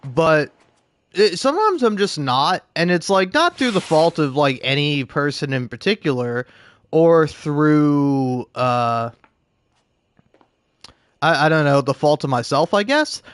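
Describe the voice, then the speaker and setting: Young man, game streamer, talks in loose rambling asides and self-mockery; slightly high voice, dry close sound. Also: lively intonation, slow, no echo. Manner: rambling, self-deprecating, many false starts. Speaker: gaming livestreamer. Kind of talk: casual live-stream chat.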